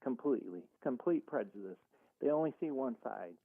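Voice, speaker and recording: A man with a mid-range, creaky, slightly rough voice calls in to a talk radio show over a tinny phone line, with no echo. He talks animated and fairly quick, arguing his point earnestly and retelling conversations he had by acting them out.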